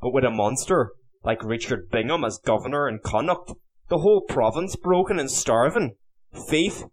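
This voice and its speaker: A level-headed young Irishman in a historical storybook, speaking calmly and grimly as he lays out hard facts, voiced by a male reader. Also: mid-range voice, moderate pace, close to an everyday voice, rough recording. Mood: reasoning.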